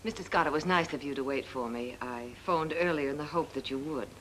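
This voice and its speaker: An actress playing a composed young woman asking for help, speaking in a polite, cool and measured 1940s film style. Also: deep voice, fairly bright tone, a little hiss or hum, poor audio.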